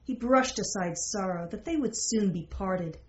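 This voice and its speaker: A woman reading a fantasy romance aloud as a narrator, in a slow, measured way. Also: medium pitch. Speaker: story narrator. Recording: roomy, slightly dull recording.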